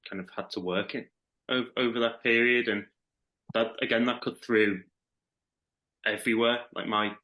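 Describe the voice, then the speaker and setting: A man's voice: mid-range voice, fairly even intonation, normal speed, pauses often, sharp tone. A man with a Liverpool accent, a podcast guest chatting casually and thoughtfully, often restarting his sentences. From Liverpool, England. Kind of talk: casual chat.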